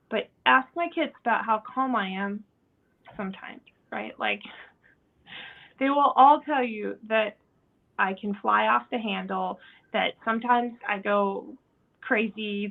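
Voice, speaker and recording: A woman hosting a casual podcast chat, talking in an animated way. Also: fairly high pitch, normal speed, gravelly. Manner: animated, acts out quoted voices. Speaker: podcast host. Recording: tinny phone-like sound.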